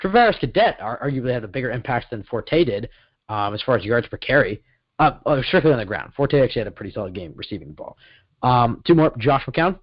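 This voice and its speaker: A man's voice: mid-range voice, big pitch swings, dry recording. Rambling man in casual sports chat. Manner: rambling, self-correcting, quick bursts. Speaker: podcast co-host. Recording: dull lo-fi sound.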